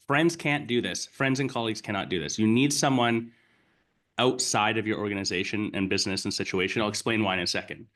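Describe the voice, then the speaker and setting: A man's voice: fairly low pitch, brisk, fairly bright tone. A man talks as a business coach in a casual chat. His manner is blunt and emphatic, with some swearing, and he reasons through his point step by step.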